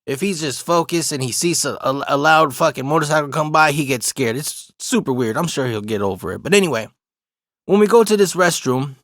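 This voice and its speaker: A man's voice: fairly high pitch, brisk, a bit bright, dry recording, clean studio sound. A young adult man casually telling a funny story, swearing a lot and often laughing. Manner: profane, laid-back, laughs often.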